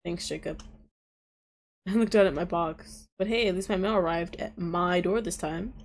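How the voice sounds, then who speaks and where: A woman playing a visual novel, reading its lines aloud and breaking off into loud reactions and laughter. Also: fairly low pitch, normal speed. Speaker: gaming streamer.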